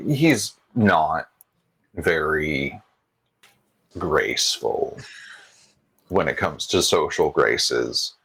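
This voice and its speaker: Low, husky game master, animated, casual narration. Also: extremely slow, long pauses, rough recording. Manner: loose, casual narration with fillers.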